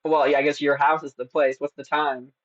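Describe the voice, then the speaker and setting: A man's voice: fairly high pitch, little pitch movement, fairly quick, fairly bright tone, dry recording. A man streaming casually and teasing a chatbot, playful and giggly. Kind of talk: casual live-stream chat. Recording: slightly dull lo-fi sound.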